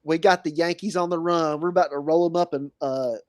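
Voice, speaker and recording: A man doing an excited old cavalry general. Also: on the high side, brisk, over a noisy crowd, natural voice. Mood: exultant.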